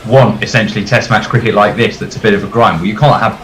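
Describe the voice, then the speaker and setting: A man's voice: on the low side, fairly even intonation, quick pace, fairly bright tone. A man chatting as a cricket co-commentator, with a wry, dry sense of humor. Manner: wry, dry humor, laughs mid-sentence. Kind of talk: casual commentary-box chat. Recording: roomy echo on the voice.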